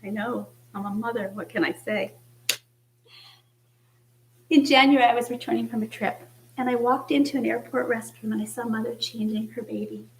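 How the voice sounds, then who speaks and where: Woman preacher, high voice, gentle reflective sermon with hushed passages. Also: steady tone, moderate pace, slight background noise, low-quality recording. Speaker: church speaker. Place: church.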